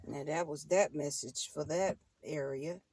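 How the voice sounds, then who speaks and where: A middle-aged woman who hosts a tarot channel speaks to her viewers in a relaxed monologue, her low voice taking its time over some background noise. She is emphatic and repeats herself, laughs often, and slips in preachy asides.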